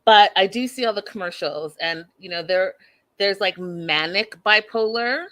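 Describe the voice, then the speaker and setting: A woman's voice: mid-range voice, unhurried. A woman in her thirties hosting a casual show recap, blunt and opinionated, talking straight to her listeners. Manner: animated, blunt and opinionated, addresses listeners as y'all. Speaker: podcast host recapping a reality show.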